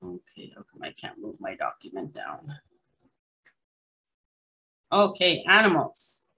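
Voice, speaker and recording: A woman leads an online language lesson, saying each word slowly and then saying it again. Her voice is bright and somewhat low, and she comes through a video call. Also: wildly swooping pitch, gravelly, rough recording. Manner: slow, repeats each word carefully, casual asides. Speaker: language teacher.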